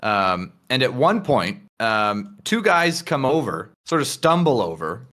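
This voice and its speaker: A man's voice: medium pitch, very animated, a little slow, pushed and bright. A man narrating a tabletop game as game master, casual, with many fillers.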